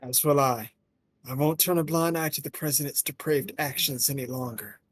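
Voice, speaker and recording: A man's voice: medium pitch, normal speed, no echo, natural voice. A man voicing a grave, determined male game character in fan voice-acting. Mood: resolute. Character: resolute man game character, vowing protection.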